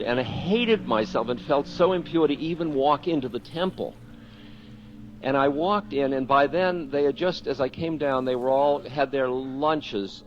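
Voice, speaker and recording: A man's voice: mid-range voice, dull audio, slight background noise. A man, a spiritual teacher, telling a candid story about himself in a talk, self-mocking and often chuckling.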